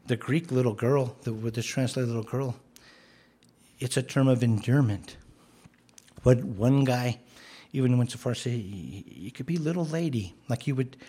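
Husky guy preaching, earnest, gets loud and emphatic then goes soft again. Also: mid-range voice. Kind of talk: sermon.

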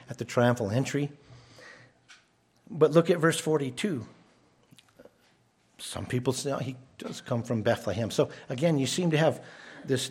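Male pastor, mid-range voice, earnest sermon delivery with repeats and emphatic rises. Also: husky. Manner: earnest, repeats words when restarting, rises in pitch for emphasis. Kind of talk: expository sermon.

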